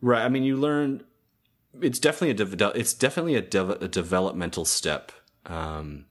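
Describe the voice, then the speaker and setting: A man casually retelling a cartoon episode on a podcast, halting with many restarts and fillers. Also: fairly low pitch. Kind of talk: casual chat.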